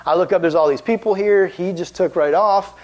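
A man preaching as a youth pastor in a casual, animated, conversational way, with lots of filler words. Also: high voice, a little fast, low-quality recording. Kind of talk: casual sermon.

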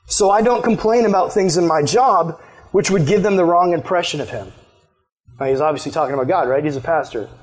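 Preacher, male, high voice, relaxed storytelling sermon, acts out characters. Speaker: pastor.

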